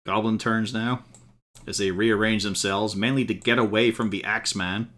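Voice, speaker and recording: Male game master, bright voice, wry, laughs easily. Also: fairly low pitch, steady tone, normal speed, a little hiss or hum. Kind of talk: narrating a tabletop game.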